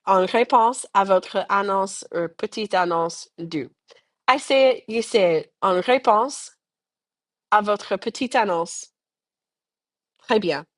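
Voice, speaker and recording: In a recorded language lesson, a young woman teaching French explains things in English in a patient, chatty way. Her mid-range voice delivers each model phrase slowly with careful enunciation, pausing so learners can repeat it back.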